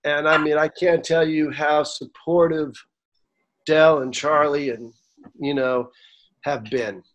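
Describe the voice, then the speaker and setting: A man in his forties, a songwriter guest, telling a story in an interview, animated and acting out the dialogue, at times getting emotional. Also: fairly high pitch, takes it slowly, muffled recording. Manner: animated, acts out quoted dialogue; gets emotional.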